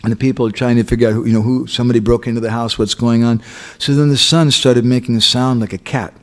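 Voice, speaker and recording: A man's voice: medium pitch, steady tone, fast. A man giving a sermon, telling stories and checking in with his listeners. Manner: acts out quotes, checks in with listeners. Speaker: speaker at a temple. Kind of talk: storytelling sermon.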